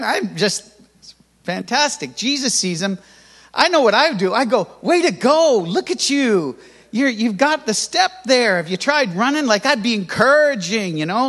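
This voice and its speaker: An older man preaching a sermon as pastor, lively and humorous, with sudden loud rises. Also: fairly high pitch. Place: church hall. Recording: church hall reverb.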